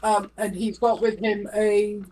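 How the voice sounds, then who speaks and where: A woman playing a tabletop game, describing her character in a relaxed, hesitant way. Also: mid-range voice, unhurried, slight background noise, poor audio. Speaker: player. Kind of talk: tabletop role-play.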